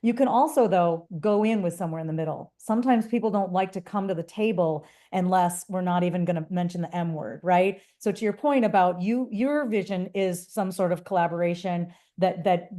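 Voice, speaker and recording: A woman's voice: on the low side, brisk, few pauses, mellow. A woman consultant answering webinar questions in a conversational, upbeat way with frequent restarts over a video call.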